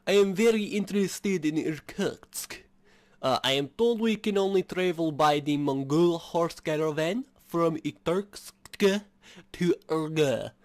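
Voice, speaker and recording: A man's voice: fairly high pitch, a little slow, darkish tone, close to an everyday voice. A man voicing a fancy French-accented train passenger in a game, reading dialogue aloud in an exaggerated, formal manner.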